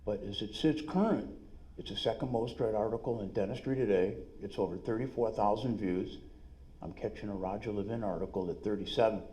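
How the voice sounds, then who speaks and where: A middle-aged man with a New York accent gives an energetic, salesy seminar talk at a conference, full of quick asides. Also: lowish voice. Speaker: dentist and business speaker. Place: conference room.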